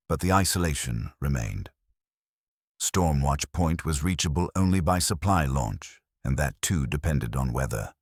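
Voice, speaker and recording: A man's voice: deep voice, dry recording, clean studio sound. A man giving dramatic, scripted audiobook narration.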